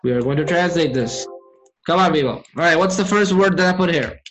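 A man with a high-pitched voice teaches Arabic grammar in an online class. He keeps checking in with his students through questions and recites verses at speed. He speaks into a computer mic while sharing his screen. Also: a little fast, a bit bright, soft background music, rough recording. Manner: engages students with frequent questions.

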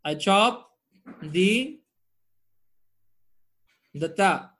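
A man's voice: high voice, lively intonation, very slow, sharp tone. A man teaching Arabic grammar online, drilling word forms and checking in with his students often.

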